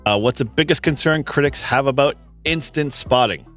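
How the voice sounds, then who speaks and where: A man's voice: medium pitch, moderate pace, a bit bright, faint music behind. A man from Massachusetts with a Boston-area accent, hosting a casual live quiz chat and laughing often. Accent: Boston-area American. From Massachusetts, USA. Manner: laughs often, chatty with restarts. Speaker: host.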